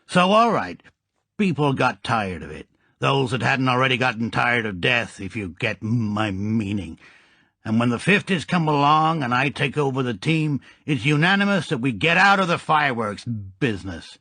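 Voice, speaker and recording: A man voicing a grinning American gangster in an audiobook, talking in slangy, halting speech. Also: mid-range voice, animated, sharp tone, no echo. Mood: boastful. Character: American gangster with a lip-curling grin, male.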